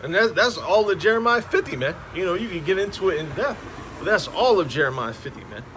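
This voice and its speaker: Street preacher guy, slangy and emphatic, kinda high voice, faint traffic noise behind. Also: expressive, quick pace, a bit bright. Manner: slangy and emphatic, peppered with "man, all right?". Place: outdoors on a street with passing traffic.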